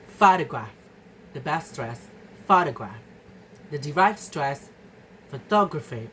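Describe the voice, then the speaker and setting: Over poor audio with slight background noise, a young Indonesian woman with a low-pitched voice gives a class presentation as a student presenter. She carefully repeats example words to demonstrate where their stress falls.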